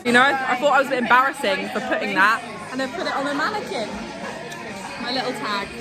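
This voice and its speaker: A woman's voice: sits high, animated, fast. A woman, chatting bubbly and breathless in a casual vlog, laughing often. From England (Essex). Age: 20s. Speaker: vlogger. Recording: crowd chatter behind.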